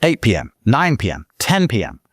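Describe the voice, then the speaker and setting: A man from Britain, a podcast guest telling a story in casual conversation, swearing often and pushing his voice up high when he gets worked up. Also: normal speed, slightly rough, no echo, clean studio sound. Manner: profane, emphatic, voice climbs high when excited.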